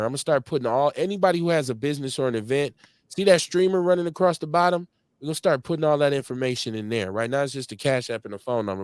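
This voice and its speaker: A man in his forties from Milwaukee with a Milwaukee accent, hosting a live show in casual, slangy chat full of shout-outs and stories. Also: medium pitch, dry recording. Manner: animated storytelling, slangy, lots of shout-outs. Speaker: host.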